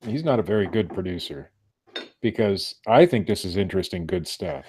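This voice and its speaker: Middle-aged male podcast co-host, very low voice, loose rambling chat, keeps restarting his sentences. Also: lively intonation, normal speed, a little mellow, slightly rough. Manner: rambling, self-interrupting. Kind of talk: casual chat. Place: home room.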